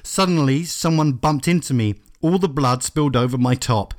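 Man of medium pitch, podcast co-host, reads flat and dry with baffled interjections. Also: normal speed. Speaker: podcast co-host reading aloud. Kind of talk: comic dramatic reading.

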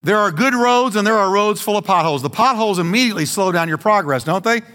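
A middle-aged man preaching a sermon as pastor, animated and building to emphatic questions. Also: high-pitched, fast talker, big-room sound. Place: church sanctuary.

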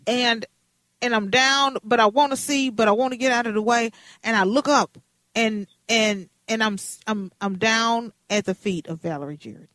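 Woman in her fifties, radio host, animated chatty storyteller, dry close sound. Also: on the high side, normal speed, no room sound. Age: 50s.

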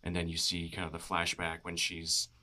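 A man's voice: low-pitched, monotone, a little fast, pushed and bright. A man talking casually about films, rambling with lots of fillers and frequent laughs. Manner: rambling, many "you know" fillers, laughs often. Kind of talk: casual film chat.

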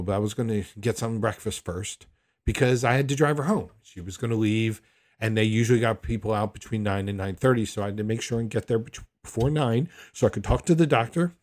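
Middle-aged male podcast host, lowish voice, candid and reflective storyteller. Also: darkish tone. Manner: reflective, candid, unhurried with frequent restarts. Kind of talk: personal storytelling.

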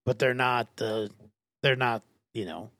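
A young man hosting a podcast in casual chat, speaking softly and hesitantly. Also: medium pitch, measured pace, no echo, clean studio sound. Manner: hesitant, many fillers and restarts, soft-spoken. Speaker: podcast host.

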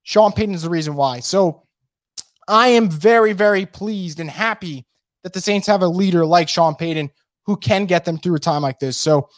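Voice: mid-range voice, moderate pace, dry recording. A sports show host talks through football news in a casual, opinionated way, hammering points by repeating words. The voice is worn from losing it. The recording is close and dry, with no room sound.

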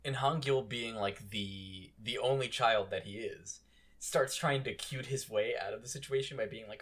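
A man co-hosting a casual show recap podcast, expressive and acting out quotes with dramatic flair. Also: mid-range voice, moderate pace. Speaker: podcast co-host.

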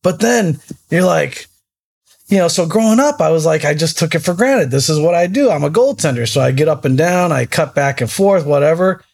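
A man's voice: fairly high pitch, expressive, brisk, gravelly, a little mellow. A man chatting casually, rambling and restarting as he tells sports stories. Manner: rambling storyteller, many restarts. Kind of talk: casual chat.

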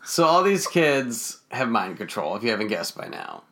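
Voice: medium pitch, very animated, moderate pace, fairly bright tone. Wry podcast co-host recapping a film. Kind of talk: casual movie-recap chat.

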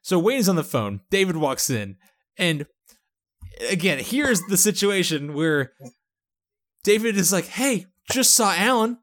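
High-voiced man, animated casual recap. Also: a little slow, long pauses. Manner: animated, acts out characters in quotes, laughs often. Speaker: podcast co-host recapping a TV episode. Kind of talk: casual chat.

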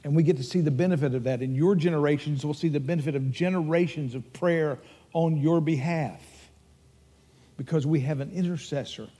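A man's voice: on the high side, fairly quick, dark tone, breathy edge, in a large hall. An older man with a Texan accent preaching a sermon as pastor, earnest and emphatic as he tells stories.

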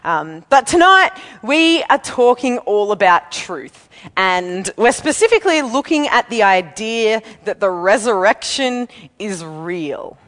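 A woman's voice: medium pitch, sing-song, takes it slowly, fairly bright tone, in a large hall. A woman preacher giving an evening sermon, chatty and candid, telling a personal story and laughing at herself.

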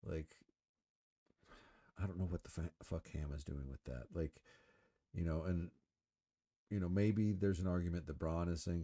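Very deep, dark-voiced man rambling casually. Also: moderate pace, long pauses. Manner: rambling, full of fillers and swearing; relaxed, smoking while talking. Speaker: podcast host. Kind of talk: casual solo sports talk.

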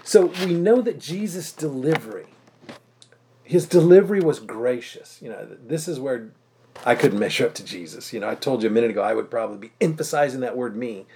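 A male pastor walks a congregation through a scripture passage in an easy, talking style, with a pitch that sits in the middle range. He leans hard on key phrases, stretching them out slowly for weight, and briefly acts out the skeptical voices of the crowd. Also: mellow. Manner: emphatic, slowing down to stress key phrases. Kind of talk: conversational expository sermon.

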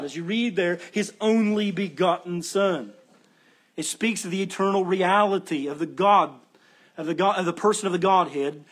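A man with a high, husky voice preaches an expository sermon. He speaks earnestly and with emphasis, circling back to repeat key phrases. His manner is that of a patient teacher walking through a text. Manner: teacherly, explains Greek word order. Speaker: pastor.

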